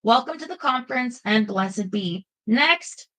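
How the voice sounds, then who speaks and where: A woman's voice: a little high, expressive, measured pace, bright, forceful tone, low-quality recording. A woman voicing a bored female registration clerk intoning rules in an audiobook.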